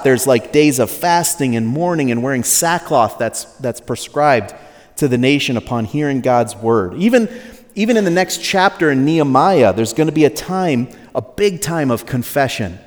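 A pastor preaching a sermon in a relaxed, conversational way, joking with the congregation and acting out quotes in a higher voice. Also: male voice. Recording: long reverb of a large hall.

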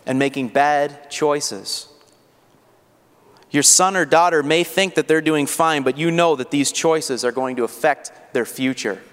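Male pastor, earnest sermon delivery, slightly high voice, long hall reverb. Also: fairly bright tone. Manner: earnest, rising to fervent rhetorical questions.

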